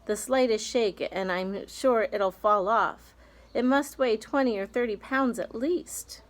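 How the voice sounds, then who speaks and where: A woman reading aloud, voicing a bossy, scolding older aunt who shouts her lines. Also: a little high, unhurried, close to an everyday voice. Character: shrill bossy skinny old aunt.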